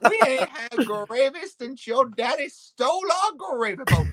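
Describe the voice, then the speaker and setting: A man's voice: very high voice, lively intonation, moderate pace, a crowd in the background, pitched above the performer's own voice. A man doing a sassy sitcom girl.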